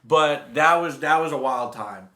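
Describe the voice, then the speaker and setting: A young man telling a rambling, animated story to his viewers in a casual vlog. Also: on the high side, unhurried. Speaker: vlogger. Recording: echoey room.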